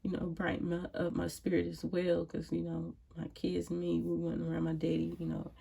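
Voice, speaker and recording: At home, a grieving woman speaks to the camera in a casual, personal vlog monologue, sighing and reflective, with frequent prayerful exclamations. Her voice is lowish, creaky and warm with a breathy edge, and her delivery is completely flat at a moderate pace. She sounds emotionally drained.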